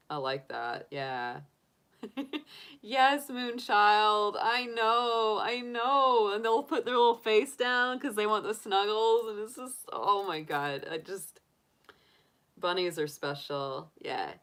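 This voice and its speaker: A middle-aged woman with a low voice chats easily with her livestream viewers. She rambles warmly between topics, laughing often and restarting her sentences as she goes. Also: clean tone. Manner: chatty and giggly, with frequent laughs and restarts. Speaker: tarot reader livestream host. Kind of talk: casual chat answering live viewers.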